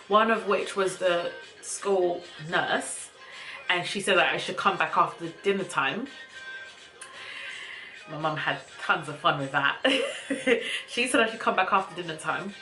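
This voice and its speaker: Young woman spilling a story on her vlog, bright voice, animated and slangy, soft music behind. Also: lowish voice, rough recording. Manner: chatty, animated, dramatic retelling with slang. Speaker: vlogger. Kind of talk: casual storytelling to camera.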